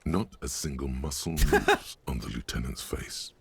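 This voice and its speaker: A grave, detached game narrator voice, very deep and slow with a husky, breathy grain. The delivery is deadpan, and the pitch swoops widely within a line. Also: male voice, no room sound, exaggerated voice.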